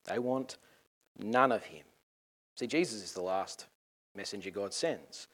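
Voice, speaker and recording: A man preaching a sermon in a lively, conversational and joking way. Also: on the low side, unhurried.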